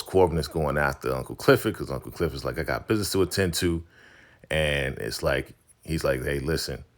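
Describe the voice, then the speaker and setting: A man casually recapping a TV episode, animated, loosely acting out the characters' lines and laughing often. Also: extremely low pitch. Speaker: recap vlogger.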